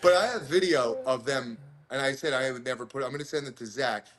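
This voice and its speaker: A man's voice: mid-range voice, fast talker, fairly bright tone. A man co-hosting a casual chat, telling a story with plenty of laughter. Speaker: podcast co-host.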